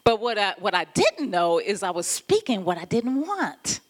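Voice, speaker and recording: A woman pastor giving an animated, conversational sermon, often laughing as she talks. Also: mid-range voice, moderate pace.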